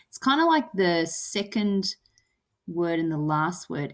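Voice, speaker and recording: A woman's voice: on the low side, lively intonation, slow pace. A woman teacher walking through a lesson, thinking aloud with lots of "kinda" and "um". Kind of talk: recorded lesson walkthrough.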